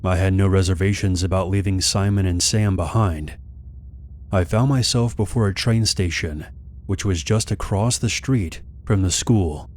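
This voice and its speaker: A man with a deep, low voice reads a horror story aloud at normal speed. He keeps it calm and steady, like scripted narration for a scary story channel.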